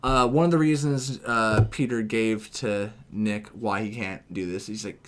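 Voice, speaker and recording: A man hosting a casual film review chat, retelling the plot in an animated, profane way and acting out the lines. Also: fairly low pitch, unhurried, hardly any pauses. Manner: animated, profane, acts out the plot in quoted voices. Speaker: film reviewer, podcast host.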